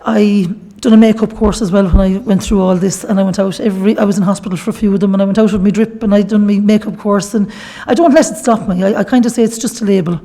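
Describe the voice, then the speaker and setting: A woman's voice: mid-range voice, steady tone, fast talker, warm tone. A middle-aged woman with a Galway Irish accent, giving a chatty, earnest personal testimony as a workshop speaker, with devout asides. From Ireland.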